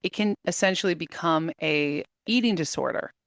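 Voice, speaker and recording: A woman in her thirties, an interview guest, telling her story in lively casual talk and laughing often. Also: low-pitched, moderate pace, no room sound, clean studio sound. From United States.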